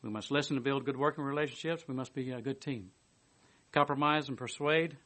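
A man giving a sermon, reading a commentary aloud and adding his own asides, moving between emphatic bursts and quiet, hushed stretches. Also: medium pitch, brisk. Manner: lively, swings from emphatic to hushed. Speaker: preacher.

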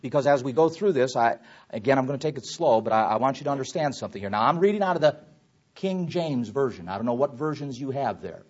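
A man's voice: mid-range voice, lively intonation, fast talker. Emphatic preacher man, lo-fi. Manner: emphatic, swells loud on scripture and drops to a mutter on asides. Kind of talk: Bible teaching sermon.

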